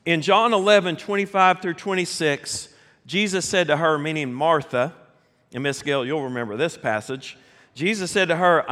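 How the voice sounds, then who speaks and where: A middle-aged man with a Southern American accent, a pastor telling a folksy, animated story with laughs during a sermon. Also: a little high, normal speed. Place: large church sanctuary. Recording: long hall reverb.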